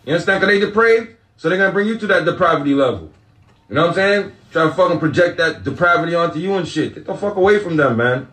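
Casual male host, high voice, profane laughing rant, echoey room. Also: expressive, fast, a bit bright. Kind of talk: casual monologue.

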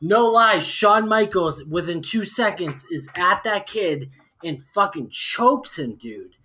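A man's voice: high-pitched, expressive, takes it slowly, pushed and bright. A tipsy man in his forties, a podcast guest, telling a story in a casual, profane way with lots of fillers. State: tipsy from drinking.

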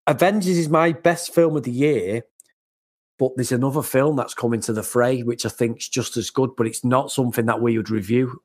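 A man's voice: medium pitch, steady tone, moderate pace, darkish tone, slightly rough. A man from England co-hosting a comics podcast, talking casually and with enthusiasm, often laughing and repeating words. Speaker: podcast co-host. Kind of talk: casual chat.

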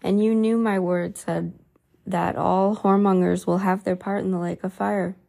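A woman reading the lines of Jesus as a gentle, solemn man in a storybook reading. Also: medium pitch, flat delivery, creaky, natural voice. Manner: slow, soft and solemn.

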